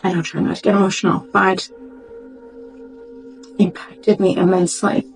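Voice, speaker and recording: A woman doctor giving a reflective, heartfelt personal testimony, pausing and searching for words as she goes. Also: medium pitch, little pitch movement, vocal fry, rough recording. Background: faint background music.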